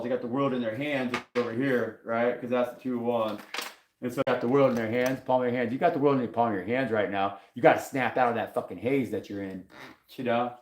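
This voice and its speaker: A man giving a casual live tarot reading, profane, rambling and excitable, talking from a table. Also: mid-range voice. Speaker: tarot reader on a live stream. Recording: echoey room.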